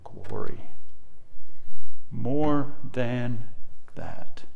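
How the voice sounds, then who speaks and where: A male pastor preaching a sermon earnestly, often repeating words as he thinks, and rising high and loud to stress a point. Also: expressive, drawn-out words, gravelly, muffled recording. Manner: repeats words while thinking, with soft asides.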